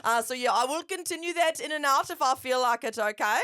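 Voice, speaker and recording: A young woman co-hosting a casual podcast, chatty and quick to laugh as she reads out listener comments. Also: high voice, bright, forceful tone. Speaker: podcast co-host. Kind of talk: casual chat.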